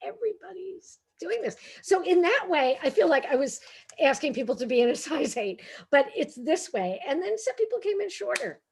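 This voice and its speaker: A woman with a brassy Brooklyn accent hosting a bookstore author conversation, animated and self-deprecating, laughing often. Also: high voice, normal speed, gravelly. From Brooklyn, New York. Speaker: host and editor.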